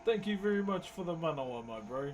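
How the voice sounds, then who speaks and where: A man's voice: fairly high pitch, expressive, fairly quick, a little hiss or hum, rough recording. A man chatting casually on a live stream, greeting viewers and laughing often. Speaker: livestreamer and wood carver.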